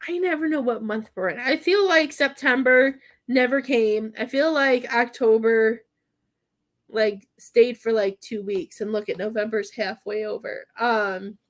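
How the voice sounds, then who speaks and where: A slightly high-voiced woman, speaking at a measured pace, gives a psychic medium reading over a live stream. She stumbles and rambles with many fillers, emotional and often choked up.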